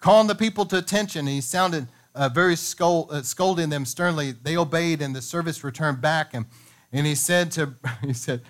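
A man preaching in church, reading a revival story aloud and adding animated asides to the congregation. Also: a little high, normal speed. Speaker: pastor.

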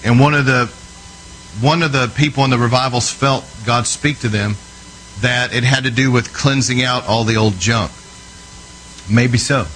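A man's voice: medium pitch, normal speed, fairly bright tone, slight background noise, poor audio. Earnest preacher man telling stories. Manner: conversational, checks in with the listener often. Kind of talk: storytelling sermon.

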